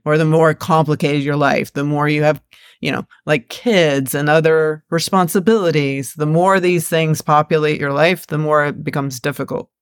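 A woman hosting a podcast, talking in a relaxed, conversational way and thinking aloud through examples as she steers the topic. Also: deep voice, normal speed, no room sound, studio quality.

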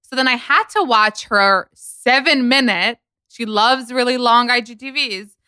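A woman's voice: fairly high pitch, measured pace, sharp tone, clean tone, dry recording. A woman hosting a podcast, chatting casually and animatedly, telling stories with quoted asides. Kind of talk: casual gossip chat.

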